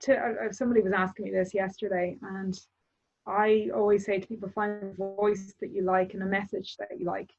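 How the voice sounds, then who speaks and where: A woman who teaches meditation, chatting and then leading a calm, soft-spoken guided meditation. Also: medium pitch, a little fast, highs cut off.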